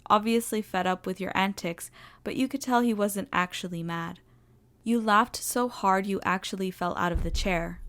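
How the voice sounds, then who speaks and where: A woman with a mid-range voice reads a story aloud in the second person. Her narration is expressive and animated. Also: medium pitch, smooth. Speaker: story reader. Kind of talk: fan fiction audio narration.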